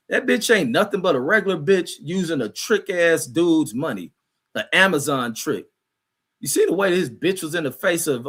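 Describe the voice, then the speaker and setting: A man's voice: medium pitch, a bit bright. Profane ranting man hosting a livestream. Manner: heated, insulting, rambling with many restarts and fillers. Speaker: livestream host. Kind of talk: profane livestream rant reading chat comments.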